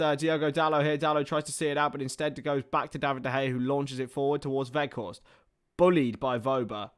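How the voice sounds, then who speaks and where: Hosting a live watchalong of a football match, this young man switches between calling the action and drifting into talkative side comments, with bursts of excitement at scoring chances. His voice sits in the mid range.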